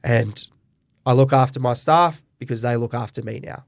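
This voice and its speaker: A man's voice: mid-range voice, moderate pace, gravelly, no room sound. Middle-aged Aussie man, earnest guest storyteller, dry close sound. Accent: Australian. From Australia. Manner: earnest, emotional storyteller who acts out quoted dialogue. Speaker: guest, butcher and business owner. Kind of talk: candid storytelling interview.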